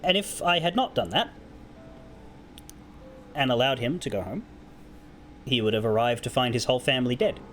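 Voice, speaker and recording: A man's voice: medium pitch, moderate pace, long pauses, soft background music, lightly acted. A man voicing a ruthless male warlord who speaks curtly and matter-of-factly. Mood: calm. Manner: flat, curt, matter-of-fact.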